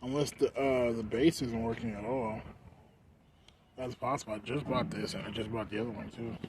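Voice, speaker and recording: A young man rambles through a casual vlog, high and slurring his words. His voice sits at a middle pitch, drifting between fillers. Clear background noise runs under the whole recording. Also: fairly even intonation, moderate pace. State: high on edibles. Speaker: vlogger. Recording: noisy background.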